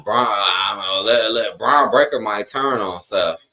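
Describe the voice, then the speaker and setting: A man's voice: fairly low pitch, a little slow, sharp tone. Blunt, slangy man hosting a live stream. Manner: slangy, blunt and opinionated, talks straight to chat. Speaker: host of a live wrestling watch-along stream. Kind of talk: casual live-stream chat, reacting to a broadcast and reading viewer comments.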